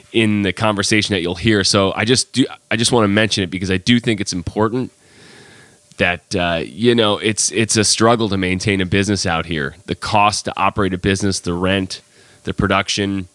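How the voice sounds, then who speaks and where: A man's voice: fairly low pitch, fairly bright tone, no echo. A man hosting a casual podcast, sick with a cold, telling his story in a chatty, exasperated way. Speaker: podcast host.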